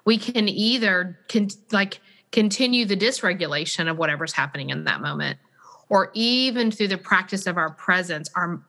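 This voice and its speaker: A woman hosting a conversational podcast interview, chatty and animated, acting out example voices as she talks. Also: on the low side. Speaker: podcast host.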